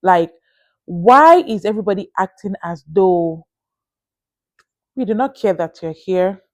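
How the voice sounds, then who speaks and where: A young Nigerian woman with a Nigerian accent, telling a story to camera in a casual, animated and exasperated way, with sighing asides. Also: mid-range voice, a little slow, dry recording. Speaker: vlogger.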